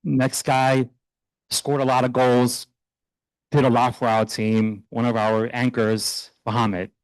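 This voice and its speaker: A middle-aged man, a youth soccer coach, speaking earnestly and proudly while honoring his players at a town meeting, loose and a little halting. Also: medium pitch, little pitch movement, dry recording, rough recording. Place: township council meeting room.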